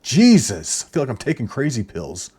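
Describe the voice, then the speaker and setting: A man's voice: mid-range voice, wildly swooping pitch, moderate pace, dark tone, slightly rough. Exasperated man ranting sarcastically. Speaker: YouTuber reacting to viewer comments. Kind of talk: casual reaction commentary.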